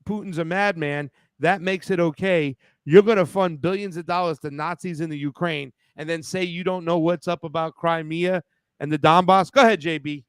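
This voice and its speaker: Male host, slightly high voice, dry close sound, sarcastic. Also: fairly even intonation, moderate pace, smooth, no echo. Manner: sarcastic, hands the floor to guests, frequent yeahs. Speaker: panel host. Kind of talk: hosting a political panel.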